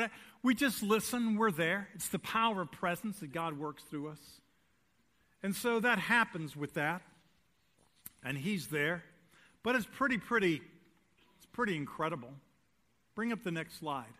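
A man preaching a sermon as pastor, swinging between loud emphatic declarations and hushed lines, and putting rhetorical questions to the congregation. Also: high voice, expressive, unhurried, pauses often. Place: church sanctuary.

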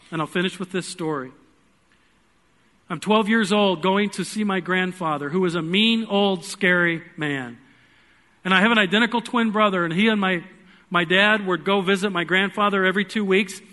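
In a high-pitched voice, a man preaching in church tells a personal story with earnest feeling, alternating between loud pleas and quiet, hushed stretches.

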